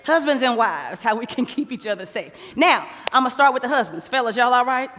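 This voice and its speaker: A woman's voice: fairly high pitch, expressive, brisk, fairly bright tone. A woman preaching a sermon, playful and acting out quoted couples. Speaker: pastor's wife preaching. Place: large church hall. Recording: long church hall reverb.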